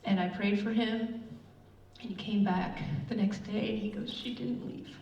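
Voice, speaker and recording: A woman's voice: medium pitch, normal speed. A middle-aged woman giving a casual sermon, telling chatty personal stories with lots of fillers. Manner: chatty, animated storytelling with many fillers. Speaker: church speaker. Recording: roomy, distant, dull with faint room noise.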